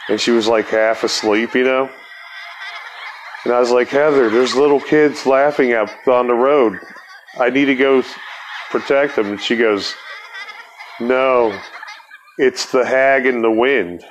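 A man's voice: mid-range voice, fairly even intonation, unhurried, pauses often, slight background noise, rough recording. A man telling a rambling, profane story as a podcast host, laughing as he talks. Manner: laid-back, profane, laughs through story.

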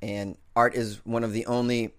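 A man's voice: medium pitch, flat delivery, normal speed, smooth, no room sound, clean studio sound. Rambling, self-amused podcast host man. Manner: rambling, self-amused, full of fillers and restarts. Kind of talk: casual comedic monologue.

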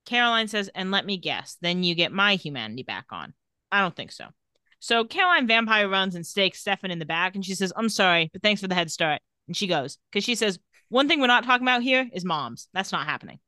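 Very animated and a little fast, this woman's medium-pitched voice is pushed and bright, clear and resonant. Co-hosting a podcast, she casually recaps a TV episode, retelling scenes and reading quotes with light sarcasm, on a dry, clean studio recording.

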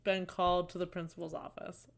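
A woman's voice: lowish voice, level tone, brisk, gravelly. A young woman co-hosting a casual chat, a little drunk, telling stories with lots of swearing and laughter. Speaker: podcast co-host.

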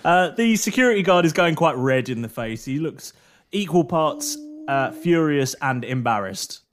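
A man narrating a tabletop game as game master, relaxed with many fillers. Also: fairly high pitch, moderate pace.

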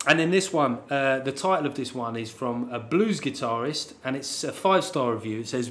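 A man's voice: mid-range voice, expressive, a little fast, few pauses, fairly bright tone. A man hosting a podcast, chatting casually and signing off with sarcastic, sweary asides. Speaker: podcast host. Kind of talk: casual podcast chat and sign-off.

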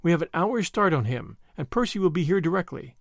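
Brief: eager, grief-stricken young noblewoman in an audiobook, voiced by a male reader, high, animated delivery, dry close sound. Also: brisk, vocal fry, dry recording. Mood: impatient. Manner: eager, excitable, pleading. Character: impatient, anguished young noblewoman.

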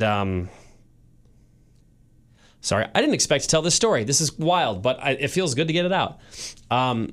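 A man co-hosting a casual podcast, telling an emotional story with many restarts and pauses, teary at times. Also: medium pitch. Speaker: podcast co-host. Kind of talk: casual chat.

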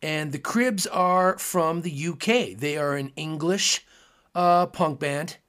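A man's voice: on the high side, slow pace, a bit bright. A man hosting his own podcast, talking in a casual, earnest, musing way with frequent fillers. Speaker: podcast host. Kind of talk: casual solo podcast talk.

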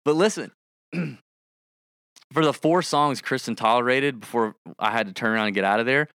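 A man chatting casually as a podcast co-host, his voice bright and crisp. He gets animated and slips into rap impressions. The sound is dry and close, with no room around it. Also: medium pitch, moderate pace, no room sound. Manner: animated, breaks into rapping and song impressions. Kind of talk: casual podcast chat with ad read.

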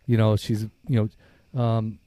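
A man's voice: lowish voice, flat delivery, unhurried, mellow, no echo, clean studio sound. A middle-aged man co-hosting a recovery podcast, talking candidly with profanity and plenty of fillers. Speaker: podcast co-host. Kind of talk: casual recovery podcast talk.

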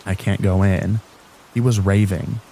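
A man's voice: fairly low pitch, fairly even intonation, measured pace, warm tone, a little hiss or hum, low-quality recording. A man reading as a snappish, reclusive male stranger. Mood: irritable. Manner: snapping, muttering.

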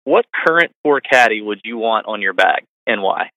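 A man's voice: on the low side, expressive, moderate pace, sharp tone, dry recording, highs cut off. A man hosting a podcast, asking casual interview questions eagerly and repeating words as he starts them. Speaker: podcast host.

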